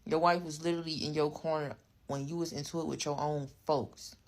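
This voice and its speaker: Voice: mid-range voice, little pitch movement, a little fast. A speaker giving casual commentary, angry and heated, swearing heavily.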